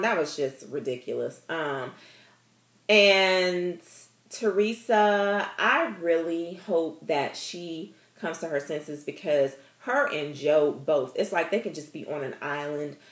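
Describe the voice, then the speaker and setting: A woman's voice: fairly low pitch, slow pace, roomy sound. A woman vlogger chatting casually about reality TV in a sassy, playful way. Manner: animated, sassy, playful asides.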